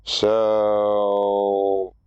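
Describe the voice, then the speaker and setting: A man's voice: fairly low pitch, completely flat delivery, very slow, darkish tone, clear, resonant tone, dry recording, lo-fi sound. A man casually joking and making sarcastic asides while playing a game. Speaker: gamer. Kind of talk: casual gameplay commentary.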